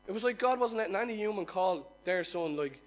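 A man's voice: sits high, animated, brisk, faint music behind, low-quality recording. A middle-aged man preaching a sermon, earnestly telling his own conversion story and asking the listeners questions. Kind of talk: sermon with personal testimony.

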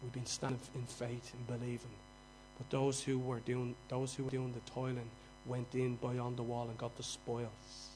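A man with a Dublin accent preaching a sermon, moving from quiet, conversational asides to loud, mocking outbursts. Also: mid-range voice, completely flat delivery, moderate pace, soft background music, rough recording. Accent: Dublin Irish. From Dublin, Ireland.

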